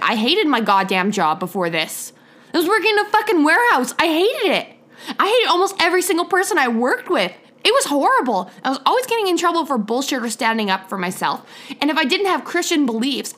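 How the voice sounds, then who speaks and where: A woman's voice: high-pitched, fairly bright tone. A young woman hosting her own podcast, ranting bluntly and heatedly, swearing in nearly every sentence. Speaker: podcast host. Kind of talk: profane solo podcast rant.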